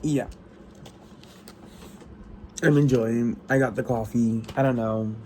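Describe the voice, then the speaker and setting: A tired man talks through a book he loves in a loose, rambling way, doubling back on himself and swearing freely. His voice is mellow and unhurried, with a faint hum of room ambience behind him. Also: medium pitch, low-quality recording. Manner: rambling, excitable, lots of restarts and profanity. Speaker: book vlogger. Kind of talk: casual chat about a book.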